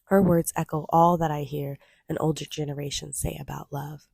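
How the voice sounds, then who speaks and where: A woman reads nonfiction aloud at a measured, steady pace. Her voice is low-toned and mellow with a gravelly edge. It has a slightly husky grain, and the sound is close and dry. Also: dry recording. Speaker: audiobook reader. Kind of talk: scripted nonfiction reading.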